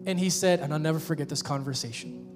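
A man's voice: fairly high pitch, fast. A man preaching a sermon as pastor, emphatic and repeating his questions for effect. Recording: guitar music behind.

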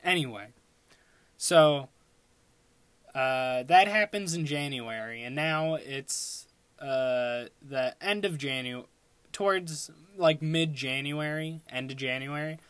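A man's voice: medium pitch, slow, a bit bright, clean tone, no echo. A young man telling a rambling personal story in a casual way, laughing at himself and breaking off to correct his own track. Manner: rambling, self-interrupting, laughs at own stories.

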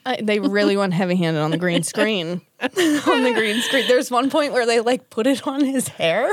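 A woman's voice: medium pitch, normal speed, dry recording, studio quality. A woman in her thirties co-hosting a podcast in casual chat, laughing often and swearing freely. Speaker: podcast co-host.

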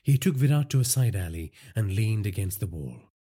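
A man narrating a crime story in a measured, dramatic storytelling manner. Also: lowish voice, animated, warm tone, husky, soft background music.

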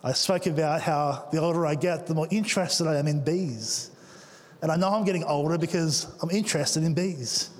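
A man's voice: a little high, normal speed. A man preaching a sermon as pastor, playful, with joking asides to the congregation. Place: church auditorium. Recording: long hall reverb.

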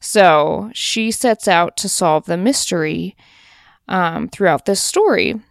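Brief: woman podcast co-host, smooth clean voice, dry sound, chatty and upbeat. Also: fairly low pitch, slow pace, dry recording. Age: adult parent. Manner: chatty, enthusiastic, lots of fillers. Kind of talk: casual chat.

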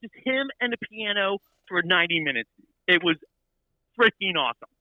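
A man telling a story in casual chat, animated and full of restarts and repeated words. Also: high-pitched, brisk, no echo, phone-quality sound.

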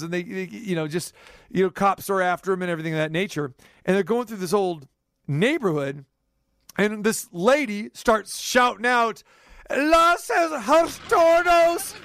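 A middle-aged man hosting a sports radio show, telling a rambling story with animated swings between high and low. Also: dry recording, clean studio sound. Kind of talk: casual sports talk chat.

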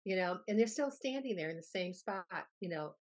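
A woman with a fairly low voice talks loosely and at length as an interview guest. She wanders through her stories and acts out the people in them. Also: lively intonation, moderate pace, a little mellow. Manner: rambling storyteller, acts out quoted voices. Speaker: guest health expert. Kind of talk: casual interview chat.

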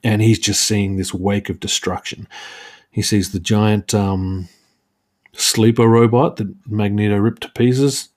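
A man's voice: lowish voice, fairly even intonation, a little slow, a little mellow. A man hosting a podcast, chatting through a comic book issue in a loose, self-mocking way and laughing at his own jokes. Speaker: podcast host. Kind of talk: casual comic book recap.

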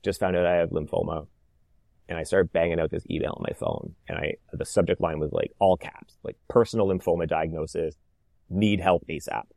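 A man in his thirties, an interview guest, telling his story in a lively conversational way. He acts out the dialogue and uses "like" a lot. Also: deep voice, brisk, gravelly, no echo, studio quality. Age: 30s. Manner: animated, reenacts dialogue, frequent "like" fillers. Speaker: interview guest, cancer survivor.

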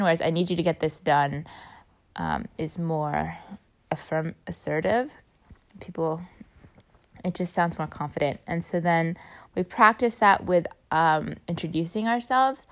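A young woman talks in a relaxed, chatty way, leaning on fillers and letting her sentences fade. Her voice sits a little on the low side. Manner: chatty, many fillers, trails off softly. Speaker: vlogger recapping a speaking workshop. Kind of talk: casual chat.

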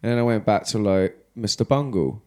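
A man's voice: lowish voice, brisk, a little mellow. A man co-hosting a podcast, chatting casually in a rambling, jokey way with some swearing. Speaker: podcast co-host. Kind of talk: casual chat.

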